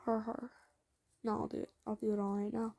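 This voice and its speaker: A woman's voice: a little high, level tone, a little fast, background noise. A woman improvising a fan-fiction story, rambling casually with many asides and fillers. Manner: rambling, lots of "like", self-commenting.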